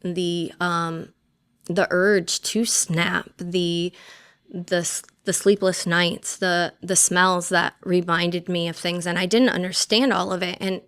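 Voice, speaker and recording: A woman Army veteran speaks as a podcast guest, telling her own story in a candid, conversational way. Her voice is smooth and resonant and sits a little low. She talks loosely, with many fillers and the occasional curse. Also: level tone, slow pace, fairly bright tone. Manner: frank and talkative, with frequent fillers and casual swearing.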